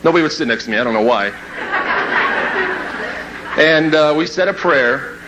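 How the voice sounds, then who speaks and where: A man spins a comic tale for a live crowd, his voice swinging high and low as he plays it up. He sits a touch higher than most men. The recording carries a steady layer of noise. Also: normal speed. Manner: animated, playful, shouts and laughs through the story. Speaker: motivational speaker. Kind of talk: comedic storytelling to a live audience.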